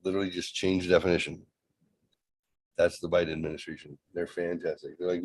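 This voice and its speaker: Middle-aged male co-host, low-pitched, sarcastic, dry sound. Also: little pitch movement, quick pace, slightly rough, dry recording. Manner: joking, sarcastic, profane. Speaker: podcast co-host. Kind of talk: casual chat.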